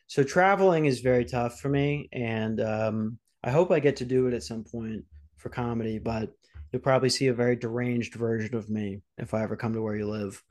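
A man's voice: mid-range voice, brisk, darkish tone. A young man casually telling a rambling story on a podcast, swearing and acting out quotes. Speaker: podcast host.

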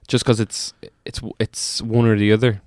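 A young man co-hosting a podcast, throwing in quick puns and crude jokes. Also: fairly low pitch, little pitch movement, darkish tone, no room sound, studio quality. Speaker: podcast co-host. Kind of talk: crude comedic banter.

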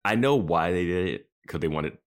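Very deep-voiced laid-back podcast guy. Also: animated, moderate pace. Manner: laid-back, chuckles often, agrees a lot. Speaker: podcast co-host. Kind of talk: casual chat about a TV episode.

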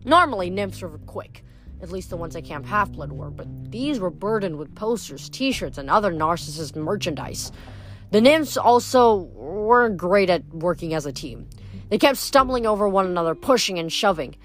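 A woman reading a novel aloud, expressive, sometimes stumbling and correcting herself. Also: lowish voice, moderate pace, faint music behind. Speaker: reader.

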